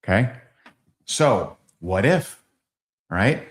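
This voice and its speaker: A man leading a live sales training, acting out both sides of sales calls in lively quoted dialogue. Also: fairly low pitch, extremely slow.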